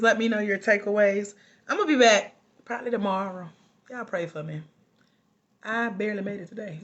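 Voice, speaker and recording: A woman life coach hosts a relaxed live stream from her home. She talks casually and with animation straight to her viewers. She breaks into laughter often. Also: on the low side, vocal fry.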